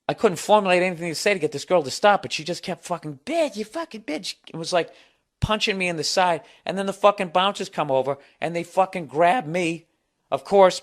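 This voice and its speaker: A middle-aged man at home, telling a bar story in a profane, sarcastic, animated rant as a podcast host. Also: fairly high pitch. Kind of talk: ranting storytelling.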